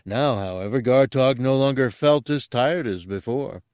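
A man narrating an audiobook in a steady, unhurried storytelling manner. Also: mid-range voice, no room sound.

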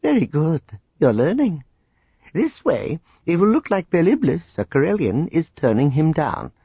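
A man voicing a sly, self-assured male schemer with a smooth, approving manner. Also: fairly high pitch, sing-song, unhurried, warm tone, dry recording, lo-fi sound, pitched above the performer's own voice, exaggerated voice.

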